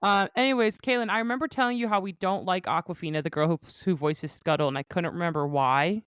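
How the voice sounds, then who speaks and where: A woman's voice: lowish voice, fast talker, fairly bright tone, clean tone, no room sound, studio quality. A woman host in casual chat, telling stories and giving firm opinions in a chatty way.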